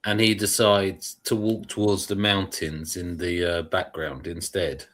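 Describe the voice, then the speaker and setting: A man's voice: low voice, little pitch movement, unhurried, a bit bright. A man in casual streamed chat, rambling and restarting as he hunts for words.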